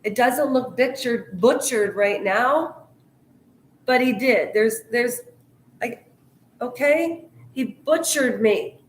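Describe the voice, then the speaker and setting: A woman's voice: on the high side, takes it slowly, pauses often, roomy sound. A middle-aged woman from Canada talking in a heated, earnest vlog monologue. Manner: heated, earnest, talks of her anger. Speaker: YouTuber.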